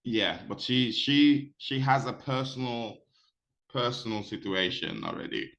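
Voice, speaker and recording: A man hosting a relaxed talk show with guests. His voice sits in a middle pitch, and he talks in a playful, teasing, animated way. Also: a little slow, vocal fry. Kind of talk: casual chat.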